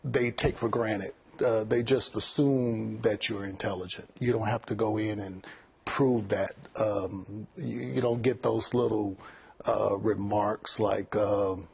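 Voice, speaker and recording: A man's voice: fairly low pitch, fairly even intonation, takes it slowly, creaky, breathy edge. A middle-aged man, a college president, answering interview questions earnestly and often repeating words as he thinks.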